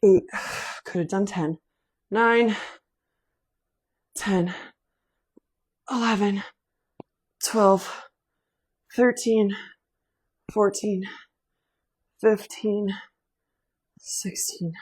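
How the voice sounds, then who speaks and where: A woman's steady, darkish mid-range voice has a breathy edge, with drawn-out words and long pauses. As fitness instructor and host of a home workout, she counts reps aloud, gets slightly out of breath and sighs, and chats about faith between sets.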